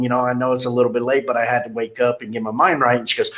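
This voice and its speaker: A man's voice: mid-range voice, fairly even intonation, rapid-fire, few pauses, a bit bright. A man hosting a podcast, chatting casually and telling rambling, blunt stories. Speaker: podcast host. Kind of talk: casual interview chat.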